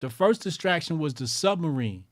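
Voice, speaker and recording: A man hosting a call-in show, ranting in loud, profane, mocking bursts and repeating lines for emphasis. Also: fairly high pitch, animated, moderate pace, dry recording, studio quality.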